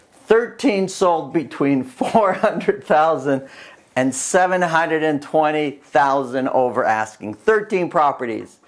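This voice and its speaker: A middle-aged man, a realtor, talking casually to camera through a market report, animated and full of restarts. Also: fairly high pitch. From Canada. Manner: animated, chuckling storyteller with many restarts.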